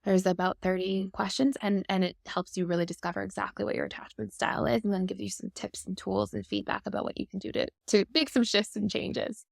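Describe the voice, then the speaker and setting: A woman's voice: mid-range voice, little pitch movement, a little fast, gravelly, hardly any pauses, dry recording, studio quality. A woman in her thirties, a guest expert, explaining attachment styles in a fluent, upbeat conversational way.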